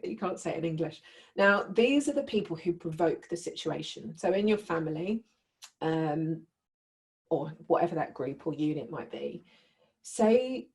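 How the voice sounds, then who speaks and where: Woman workshop leader with a low, warm voice; conversational and keeps checking in with the group. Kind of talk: teaching a live group.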